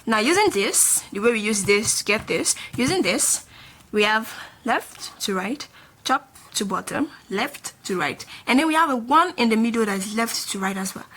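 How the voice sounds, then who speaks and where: A woman's voice: a little high, animated, normal speed, fairly bright tone. A woman teaching a beginner language lesson, patiently repeating each sound many times while she explains stroke order. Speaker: Korean teacher.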